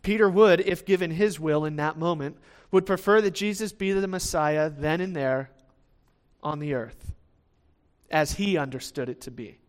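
A man with a slightly higher-than-usual voice preaches a sermon in a relaxed, conversational way. He restarts phrases as he goes and keeps checking in with the listeners. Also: normal speed. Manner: conversational, with frequent restarts and "right?" asides; acts out the quoted lines of the disciples in lively voices.

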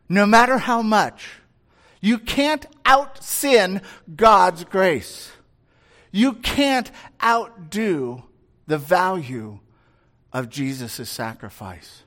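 A man preaching a conversational sermon, acting out quoted voices and building to near-shouts. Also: sits high, big pitch swings, slow pace, pauses often. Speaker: pastor.

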